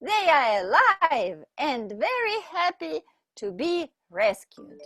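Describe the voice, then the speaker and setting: A woman reads a storybook to young learners in a high, sing-song voice that rises and falls a lot. She speaks very slowly and pauses to point at the pictures. The sound is close and dry. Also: no echo. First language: Russian. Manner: slow, expressive, pointing at pictures. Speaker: English teacher for children. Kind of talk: reading a picture book aloud to children.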